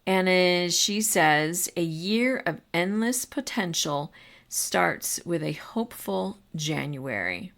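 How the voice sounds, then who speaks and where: Middle-aged woman host with a slow, easy delivery, giving casual encouragement to teachers. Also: lowish voice, animated, vocal fry, fairly bright tone. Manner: conversational, with fillers and asides. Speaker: podcast host. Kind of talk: encouraging podcast talk to teachers.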